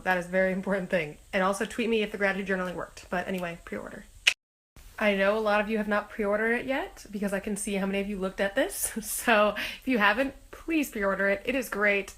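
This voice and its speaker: A woman's voice: mid-range voice, fairly bright tone. A young woman chatting to her fans in a casual vlog, bubbly and full of "like", still a little sick. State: recovering from being sick. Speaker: singer talking to fans.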